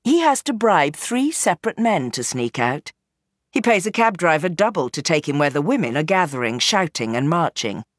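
Low-voiced, expressive woman narrator. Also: normal speed, breathy edge, no room sound, studio quality. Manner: expressive, dramatic reading. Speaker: audiobook narrator. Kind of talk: scripted narration.

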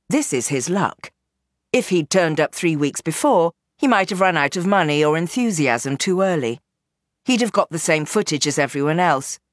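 Low-voiced, expressive woman narrator. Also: no echo, studio quality. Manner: expressive, dramatic reading. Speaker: audiobook narrator. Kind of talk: scripted narration.

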